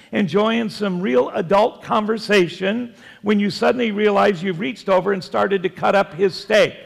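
Gravelly older male pastor preaching. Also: sits high, long reverb tail. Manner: folksy, joking storyteller. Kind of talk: sermon. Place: church sanctuary.

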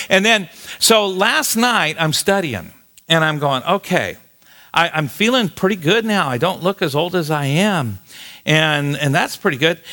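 A man's voice: on the high side, bright, forceful tone. A man in his late sixties preaching a sermon, telling a funny personal story with lots of stumbles and repeated words. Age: 60s. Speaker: pastor.

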